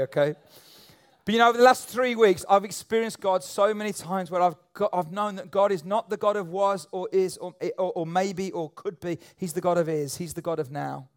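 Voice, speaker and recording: A man's voice: sits high, clear, resonant tone. A man preaching a sermon in a church auditorium, emphatic and repetitive. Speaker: pastor.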